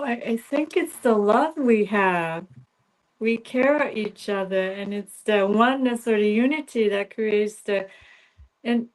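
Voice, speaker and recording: Slow-spoken, gentle woman guest. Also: mid-range voice, rough recording. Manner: halting, gentle, laughs easily. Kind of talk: casual livestream chat.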